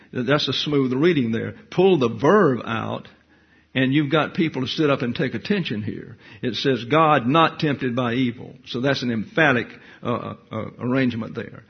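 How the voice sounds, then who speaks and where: Gravelly man teaching a Bible lecture. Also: mid-range voice. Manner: digressive, wry asides, thinking aloud with fillers. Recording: dull lo-fi lecture recording.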